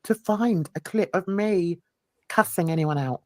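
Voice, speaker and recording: A woman's voice: medium pitch, lively intonation, unhurried, dry recording. A woman hosting a casual chat, mocking and laughing as she reacts to clips. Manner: mocking, laughing, sarcastic asides. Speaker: host.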